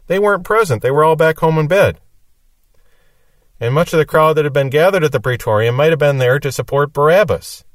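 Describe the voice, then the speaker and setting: A man's voice: fairly high pitch, no room sound, far from the mic. Man teaching scripture, a little off-mic. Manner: explanatory, reads verses then comments. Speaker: Bible teacher. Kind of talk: verse-by-verse Bible teaching. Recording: dry sound from off the mic.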